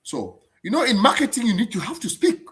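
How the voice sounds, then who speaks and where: A man hosts a live stream in an animated, chatty way. His voice sits a little high and swings widely in pitch, with a bright, forceful edge. He often repeats words and restarts his sentences. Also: fairly quick. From abroad, not German-born. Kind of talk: casual live-stream chat.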